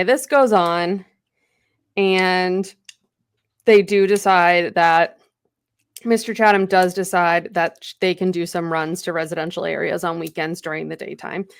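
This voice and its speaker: A woman's voice: lowish voice, fairly even intonation, normal speed, creaky, smooth, dry recording, clean studio sound. Chatty woman recapping a book. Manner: chatty retelling with many fillers and acted quotes. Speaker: podcast co-host.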